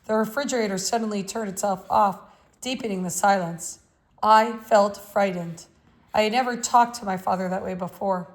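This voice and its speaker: A woman reading a novel aloud in a measured, steady way. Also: mid-range voice. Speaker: audiobook reader.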